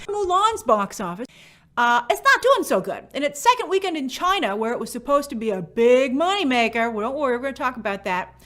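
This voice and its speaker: Reviewing movies, a high-voiced woman critic alternates between emphatic gushing and flat dismissal.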